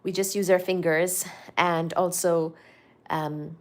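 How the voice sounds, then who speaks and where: A woman's voice: fairly low pitch, steady tone, slow. A woman from India with an Indian accent, hosting a casual livestream and chatting with viewers as she answers their comments. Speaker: livestream host.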